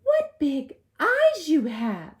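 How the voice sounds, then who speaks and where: Lady putting on a high sweet little girl voice, sing-songy, storybook, slow. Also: wildly swooping pitch, full character voice.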